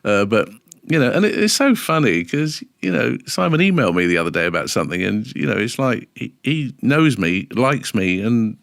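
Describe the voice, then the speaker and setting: A middle-aged man, a radio DJ telling lively anecdotes in a casual podcast interview and acting out the dialogue. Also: medium pitch, moderate pace, vocal fry, dry recording, studio quality. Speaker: radio DJ guest.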